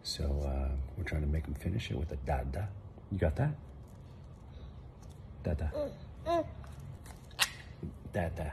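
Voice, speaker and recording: A man's voice: rumbling low, measured pace, creaky, long pauses, noisy background. A man talking playfully to his baby son in a home video, coaxing him and cheering him on like a coach. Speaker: father filming his baby.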